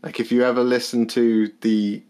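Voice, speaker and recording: A man's voice: medium pitch, flat delivery, moderate pace, darkish tone, smooth. A man co-hosting a podcast in casual, rambling chat with lots of self-corrections. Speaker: podcast co-host.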